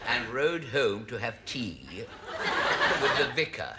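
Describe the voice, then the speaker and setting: A man's voice: medium pitch, very animated, takes it slowly. An actor playing a prim, easily flustered man who reads a racy novel aloud to hospital patients, apologetic and prone to giggling. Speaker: hospital volunteer reading aloud. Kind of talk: sketch comedy acting. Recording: heavy hiss on an old broadcast recording.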